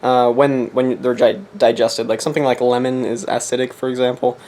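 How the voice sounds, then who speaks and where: A young man vlogging from his apartment, joking in a deliberately ridiculous put-on accent and sermonizing in mock-serious fashion. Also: mid-range voice, level tone, darkish tone. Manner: jokey, mock-preachy, laughs at himself. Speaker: competitive game player vlogging. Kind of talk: casual comedic monologue.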